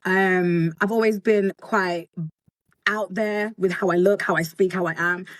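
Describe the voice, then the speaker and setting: A bubbly, boisterous woman talks as a guest in a casual interview and laughs often. Her voice sits at a middle pitch. It is recorded close and dry. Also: fairly even intonation, measured pace, no room sound. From Britain. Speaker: guest, content creator.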